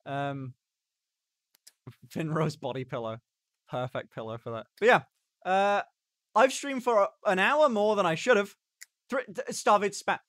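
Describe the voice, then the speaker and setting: A man's voice: high voice, expressive, unhurried, pauses often, a bit bright, no room sound, studio quality. A young man chatting casually on a live stream, rambling and stopping and starting as he reacts to chat. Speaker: livestreamer.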